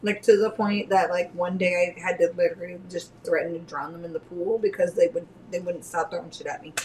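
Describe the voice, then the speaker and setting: A woman's voice: lowish voice, steady tone, brisk, a little mellow, slight background noise, rough recording. Blunt teasing woman cussing w her friends, casual chat. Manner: blunt, teasing, swears freely. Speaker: book club co-host.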